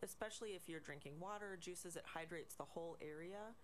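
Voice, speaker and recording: A woman guest on a radio talk show, explaining in a relaxed way with many fillers. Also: lowish voice, fairly quick, a little hiss or hum. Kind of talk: casual radio chat.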